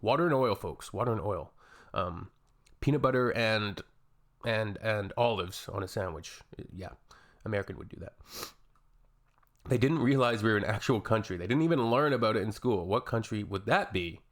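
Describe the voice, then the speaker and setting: A man from Canada with a lowish voice hosts a casual reaction video. He reads comments aloud and answers them with dry, sarcastic jokes. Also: normal speed.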